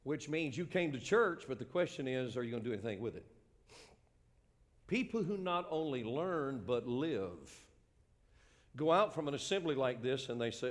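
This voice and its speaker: A man in his sixties preaching a sermon as pastor, earnest, dropping to a hush and then rising to a ringing call. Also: mid-range voice, animated, normal speed, big-room sound.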